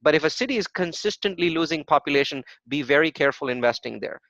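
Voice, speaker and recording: A man leads a real estate workshop with a somewhat high voice. He delivers his points emphatically, throws out rhetorical questions and answers them, and keeps checking in with "right?". The recording is dull and dry, with a muffled lo-fi sound. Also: lively intonation, fast, fairly bright tone, no echo. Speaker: real estate investing instructor. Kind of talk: live workshop presentation with web demos.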